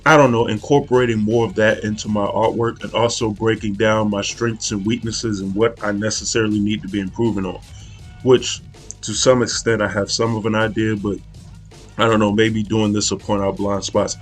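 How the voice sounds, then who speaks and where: A man's voice: fairly low pitch, little pitch movement, a little fast, soft background music. A young man casually talking through an art study, rambling and hesitant, with many fillers and restarts. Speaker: art channel host.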